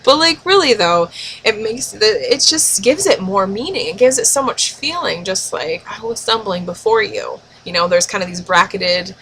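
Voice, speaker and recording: A woman's voice: mid-range voice, sing-song, moderate pace, fairly bright tone, slight background noise, rough recording. A young woman vlogger, emotional and gushing, swearing for emphasis as she breaks down song lyrics in casual talk.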